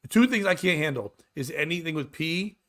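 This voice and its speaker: A man's voice: a little high, animated, a little fast, a bit bright. A man hosting a casual comedy morning show, telling rambling stories full of stammers and restarts. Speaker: podcast host.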